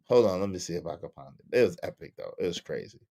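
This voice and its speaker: Animated man hosting a livestream. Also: deep voice, fast, vocal fry. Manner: animated, acts out quotes with changing voices. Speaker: livestream talk show host. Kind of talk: casual panel chat.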